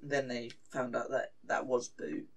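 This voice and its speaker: A man's voice: mid-range voice, flat delivery, unhurried, recorded from a distance. A man co-hosting a casual podcast chat, telling stories hesitantly with lots of fillers. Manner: hesitant, filler-heavy storytelling. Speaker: podcast co-host.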